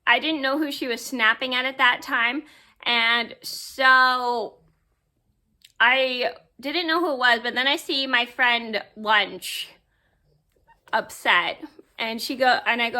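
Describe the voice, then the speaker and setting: Woman vlogger, higher voice, bright tone, rambling casual storytelling, lots of ums. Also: takes it slowly. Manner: rambling, filler-heavy, easily sidetracked.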